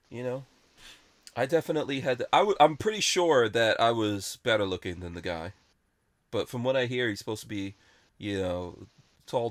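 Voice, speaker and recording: A man's voice: mid-range voice, no echo. A man hosting a podcast, chatting casually and rambling through his opinions. He speaks bluntly, in an ordinary middle-range voice. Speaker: podcast host. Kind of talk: casual chat.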